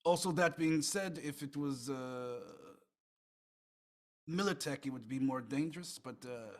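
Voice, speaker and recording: A man's voice: mid-range voice, measured pace. A man narrating a tabletop role-playing game as game master, talking hesitantly with many fillers.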